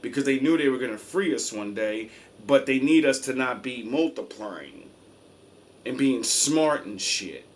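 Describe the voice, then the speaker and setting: A man's voice: medium pitch, expressive, measured pace. A man streaming and reacting to clips, telling stories in blunt, emphatic casual talk full of swearing. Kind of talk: casual profane commentary.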